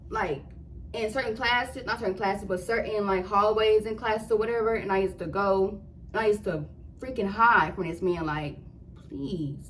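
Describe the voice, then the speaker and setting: A vlogger in her twenties, her voice fairly high-pitched, tells a story in a casual, animated way packed with slang, acting out the lines she said back then. The audio is poor, with slight background noise.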